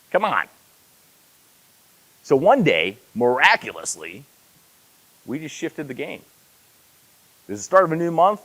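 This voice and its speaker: A man's voice: medium pitch, a bit bright, poor audio. A man in his forties giving a conference keynote, telling stories with self-deprecating asides. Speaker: keynote speaker. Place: conference hall.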